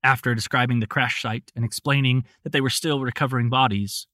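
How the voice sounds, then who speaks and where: A man narrating an audiobook in an even, steady storytelling manner. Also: mid-range voice, brisk, noisy background.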